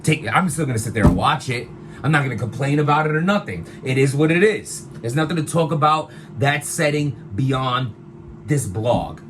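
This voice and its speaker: A man ranting casually to his viewers, animated and slangy, repeating himself as he vents. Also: medium pitch, moderate pace, a little hiss or hum. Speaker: vlogger, battle rap commentator. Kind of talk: casual opinion rant to camera.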